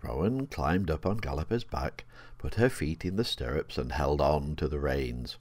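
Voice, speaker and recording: An older man reading his own children's story aloud in a gentle, expressive way. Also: rumbling low, moderate pace, no echo.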